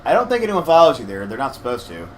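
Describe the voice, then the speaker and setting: A man's voice: medium pitch, huge pitch swings, quick pace. A young man with a slightly scratchy throat, casually explaining a video game to his partner in a hedging, self-deprecating way. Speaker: co-host gamer guiding his partner. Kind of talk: casual let's-play commentary.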